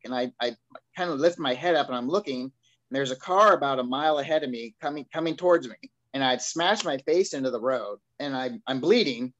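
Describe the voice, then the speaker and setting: A man's voice: medium pitch, low-quality recording. A young man telling a personal story of addiction and faith in a rambling, earnest way, often quoting himself and others.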